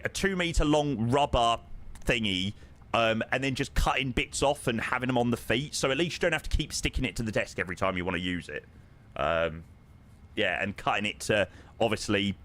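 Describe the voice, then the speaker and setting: A man's voice: fairly low pitch, lively intonation, normal speed, fairly bright tone. A man chatting casually on a live stream, answering viewers with plenty of ums and friendly "mate"s. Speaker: live streamer flying a flight simulator.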